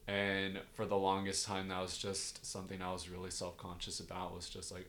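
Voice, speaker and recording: A young man with a very low voice chats casually on a podcast. He speaks loosely, full of fillers and self-deprecating asides. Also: completely flat delivery, a little fast, few pauses, fairly bright tone. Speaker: podcast co-host. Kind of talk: casual chat.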